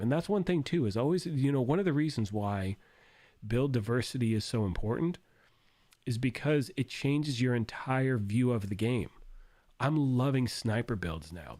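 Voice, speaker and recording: A man hosting a gaming livestream, hoarse and losing his voice, rambling and thinking out loud while reading chat. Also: medium pitch, lively intonation, moderate pace, dry recording.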